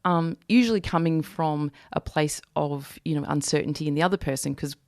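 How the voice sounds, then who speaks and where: A woman's voice: low-pitched, a little fast, a little mellow, no room sound, studio quality. A woman hosting an interview, chatting in an agreeable, casual way. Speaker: podcast host.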